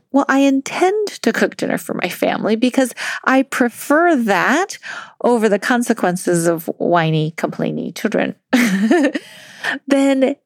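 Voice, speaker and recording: Woman coach hosting a podcast, animated upbeat chat, dry close sound. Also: mid-range voice, no echo. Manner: upbeat, chatty, laughs often, uses "like". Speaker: life coach. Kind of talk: casual solo podcast advice.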